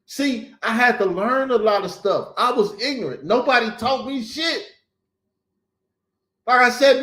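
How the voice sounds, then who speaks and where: A man's voice: extremely high pitch, normal speed, pauses often, fairly bright tone, reverberant. A man, hosting a casual talk and telling stories in a blunt, profane way. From Southern United States. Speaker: host. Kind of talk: casual chat.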